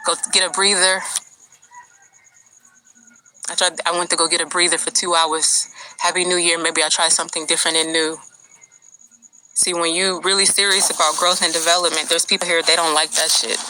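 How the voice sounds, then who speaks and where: A woman's voice: on the low side, little pitch movement, moderate pace, pauses often, low-quality recording. An upset woman venting bluntly and with heavy profanity to her viewers, recorded on a cheap phone. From United States. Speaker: vlogger. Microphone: low-budget phone. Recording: loud background noise on a cheap phone.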